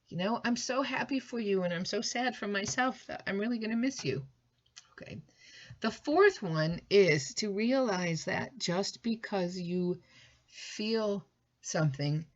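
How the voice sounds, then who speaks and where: Low-voiced woman teaching a lesson. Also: highs cut off. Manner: conversational, thinking aloud with fillers and restarts. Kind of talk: recorded classroom lesson.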